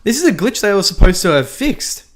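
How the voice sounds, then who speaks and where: A man's voice: high voice, very animated, fairly quick. A young man chatting casually while livestreaming a game, rambling, repeating himself and laughing often. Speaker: livestream host. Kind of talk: casual gaming livestream chat.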